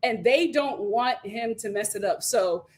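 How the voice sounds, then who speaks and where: Animated woman recapping a reality show. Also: fairly high pitch, measured pace. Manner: animated retelling with quoted voices. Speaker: host. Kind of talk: casual show recap chat.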